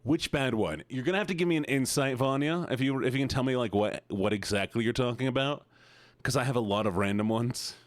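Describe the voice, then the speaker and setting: A man streaming live, chatting casually with his viewers and telling animated stories. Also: medium pitch, a little fast, dry recording. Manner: animated storyteller, talks to chat.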